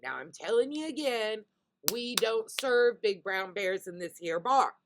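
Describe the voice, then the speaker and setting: A woman's voice: mid-range voice, very animated, measured pace, noisy background. A woman voicing a stubborn, folksy male bartender in a joke she tells. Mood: stern.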